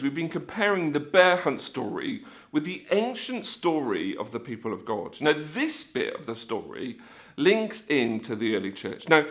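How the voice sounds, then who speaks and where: Male church speaker, animated storyteller with a bright, sharp-edged voice that swings up and down freely. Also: on the high side. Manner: animated storyteller, acts out scenes with sound effects. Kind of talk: storytelling video talk.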